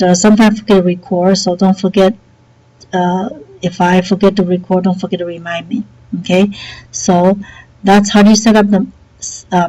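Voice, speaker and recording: A woman teacher with a headset mic walks students through software setup in a relaxed, chatty way, saying okay often. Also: on the low side, poor audio. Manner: relaxed and chatty, many okays and fillers. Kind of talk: screen-recorded software tutorial.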